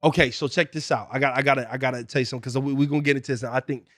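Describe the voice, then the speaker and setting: A young man co-hosting a podcast, telling a story in a casual, animated way full of slang and laughter. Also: medium pitch, very fast, no echo, studio quality. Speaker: podcast co-host.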